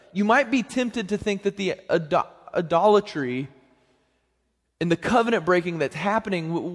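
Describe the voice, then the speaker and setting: A young man preaching a sermon as pastor, in a conversational, joking manner with lively swings in pitch and loudness. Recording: long hall reverb.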